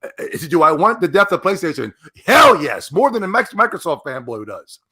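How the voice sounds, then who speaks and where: A podcast host, a man with a slightly high voice, rants in a loud, animated way. He repeats phrases when he gets worked up and keeps laughing between his points. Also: a little fast, husky. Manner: emphatic, animated, breaks into laughs. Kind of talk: ranting commentary.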